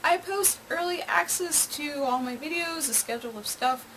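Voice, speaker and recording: A woman's voice: sits high, moderate pace, noisy background. A woman hosting her own movie review channel, chatty and openly sarcastic. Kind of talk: casual video review.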